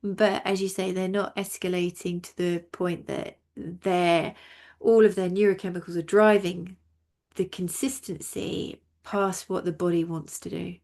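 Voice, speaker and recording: A woman's voice: on the low side, level tone, unhurried, creaky, darkish tone. A woman hosting an expert interview in a chatty, casual way, laughing easily and swearing now and then. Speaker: host.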